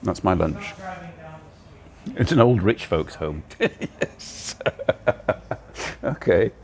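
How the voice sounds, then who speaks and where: A man's voice: low voice, expressive, very slow, a little hiss or hum. An older man hosting a casual livestream from a cafe, chatting in a rambling way while he eats, recorded on a phone on a gimbal. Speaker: livestream host. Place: cozy cafe, indoors. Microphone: phone on a handheld gimbal.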